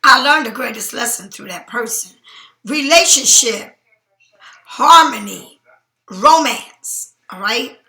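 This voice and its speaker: A woman's voice: a little high, lively intonation, takes it slowly, sharp tone, roomy sound. Blunt, sleepy woman tarot reader. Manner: blunt, emphatic, swears freely. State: sleepy, yawning. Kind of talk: casual tarot reading to viewers.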